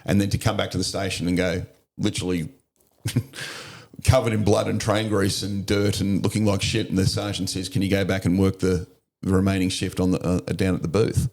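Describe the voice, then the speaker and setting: A man's voice: low-pitched, flat delivery, moderate pace, darkish tone. A middle-aged Australian man, a service veteran, telling war stories in a casual interview, blunt and sweary, often breaking into laughs. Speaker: podcast guest, army, navy and police veteran.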